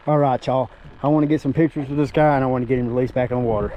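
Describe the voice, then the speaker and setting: A man's voice: mid-range voice, fairly even intonation, very fast, highs cut off, a little hiss or hum. A man with a Southern accent chatting casually on camera while fishing from a small boat on a river. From Tennessee. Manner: folksy, says y'all often. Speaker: fishing vlogger.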